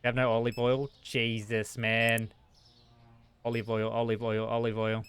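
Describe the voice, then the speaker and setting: A young man streaming a shop game, talking fast and frazzled to his customers and himself. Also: mid-range voice, monotone, fairly bright tone, smooth. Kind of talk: live-streamed gameplay commentary.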